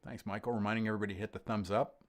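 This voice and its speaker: A deep, low-pitched man talks through viewer questions on his livestream. He rambles casually, stopping and restarting often with ums, and sounds middle-aged and unhurried. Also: level tone. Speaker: host of a gear livestream. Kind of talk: casual livestream chat reading comments.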